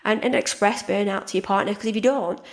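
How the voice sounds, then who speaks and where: A woman hosting a podcast, talking casually and warmly about her own life, often repeating words and restarting sentences. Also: mid-range voice, steady tone, fast talker. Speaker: podcast host and life coach. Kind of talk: casual monologue.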